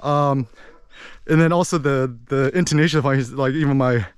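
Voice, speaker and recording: An American man talking in a rambling, animated way as he vlogs outdoors in a village, with lots of fillers. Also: medium pitch, moderate pace, clean tone, dry recording. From United States. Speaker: vlogger. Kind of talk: casual walking vlog monologue.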